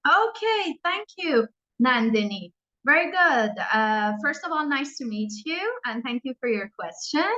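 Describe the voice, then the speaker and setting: A woman in her thirties, born in Iran and raised in England, with an English accent, speaking as an English teacher who answers students' questions with lively, encouraging examples. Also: sits high, a little slow, muffled recording. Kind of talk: online Q&A with students.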